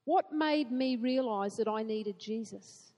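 A woman preaching a sermon in an earnest way, asking rhetorical questions and building to excited emphasis. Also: fairly high pitch, slow pace, in a large hall.

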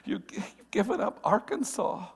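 Gravelly, animated man preaching. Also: high voice, unhurried, background noise. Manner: playful, teasing the congregation, rising to emphatic shouts. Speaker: pastor. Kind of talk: sermon. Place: church.

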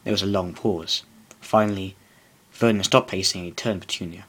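Low-voiced man reading a comic story. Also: steady tone, fairly quick, fairly bright tone, husky. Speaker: reader and podcast host.

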